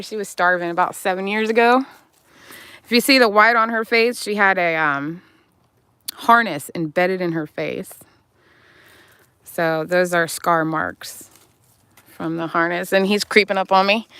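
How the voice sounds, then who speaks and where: A woman's voice: a little high, fairly bright tone, smooth, no room sound. Woman cooing baby talk at animals. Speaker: animal rescuer live-streaming. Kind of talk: casual live stream.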